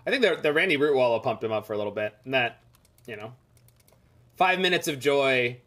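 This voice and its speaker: A man's voice: mid-range voice, animated, fairly quick, fairly bright tone. A man streaming a game, chatting casually and rambling as he reads the chat aloud. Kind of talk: casual live-stream chat over gameplay.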